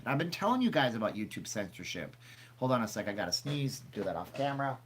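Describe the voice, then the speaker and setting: A man's voice: medium pitch, a bit bright. Chatty, rambling man on a livestream. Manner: rambling, chatty, reads chat questions aloud. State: sniffly with seasonal allergies. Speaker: channel host answering live chat. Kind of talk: casual livestream chat.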